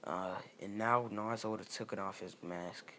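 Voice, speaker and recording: Brief: low-voiced young man rambling through a fan fiction story, faint hiss behind. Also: steady tone, fairly bright tone. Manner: rambling, halting, many fillers and restarts. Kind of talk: improvised fan fiction narration.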